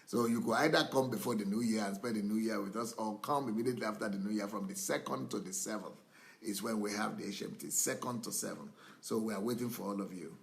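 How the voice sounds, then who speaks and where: A man's voice: lowish voice, fast talker, gravelly. A man, a pastor, taking a call during a service and talking in a friendly way. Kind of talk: live Q&A with callers.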